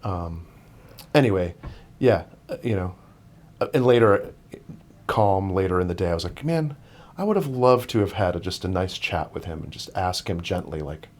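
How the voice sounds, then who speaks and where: Rambling low-voiced man telling a story. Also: expressive, moderate pace, a little mellow. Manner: rambling, many restarts and fillers. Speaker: podcast guest. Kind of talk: casual storytelling chat.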